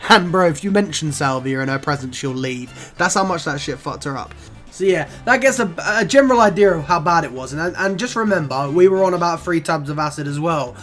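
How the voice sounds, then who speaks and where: Young man, slightly high voice, swears a lot, faint background music. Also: a little fast. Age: 20s. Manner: animated, swears often, says "bro" a lot. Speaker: vlogger. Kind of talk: casual storytime.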